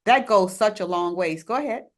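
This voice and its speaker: A woman hosting a ministry interview, full of quiet, affirming responses. When she speaks at length, she sums up what the guest has said in a warm, encouraging way. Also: mid-range voice, moderate pace. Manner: affirming, frequent quiet back-channel responses. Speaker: ministry host. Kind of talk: interview host.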